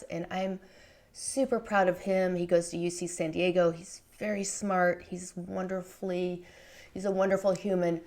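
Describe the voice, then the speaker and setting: A middle-aged woman speaks as a guest in a relaxed podcast conversation. Her voice sits on the low side, and she talks candidly and loosely, circling back with fillers and restarts as she works through her thoughts. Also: normal speed. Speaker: podcast guest, memoir author. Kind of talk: conversational interview.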